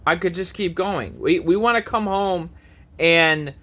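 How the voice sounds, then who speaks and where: A man in his thirties with a somewhat high voice delivers a confrontational rant straight to camera. He lectures like a preacher and swears freely. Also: unhurried, sharp tone. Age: 30s. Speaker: vlogger. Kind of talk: ranting monologue to camera.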